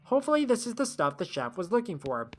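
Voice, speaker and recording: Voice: mid-range voice, sing-song, fast. Rambling streamer reading game text aloud. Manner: rambling, thinks aloud, trails off.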